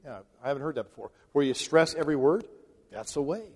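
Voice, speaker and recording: A man's voice: a little high, animated, fast, darkish tone, slightly rough. A man preaching in a reverberant hall. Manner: conversational, chuckles between points. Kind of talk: sermon. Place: large hall before a congregation.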